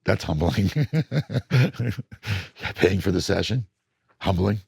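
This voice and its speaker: Older male producer, very low gravelly voice, husky, lively delivery, dry close sound. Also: slow, no room sound. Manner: animated storytelling, acts out studio voices. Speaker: record producer. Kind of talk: casual interview talk.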